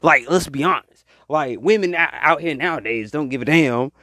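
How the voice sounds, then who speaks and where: Male advice vlogger, lively and repetitive, mocking tone, slightly high voice, dry close sound. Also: moderate pace, dry recording. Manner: animated, repetitive, rambling, mocking. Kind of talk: casual advice monologue.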